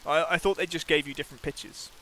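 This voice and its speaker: Bright, chatty man streaming a game. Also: on the high side, steady tone, fast, slight background noise. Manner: chatty, playful, restarts and stammers. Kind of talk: casual gameplay chat, reading game text aloud.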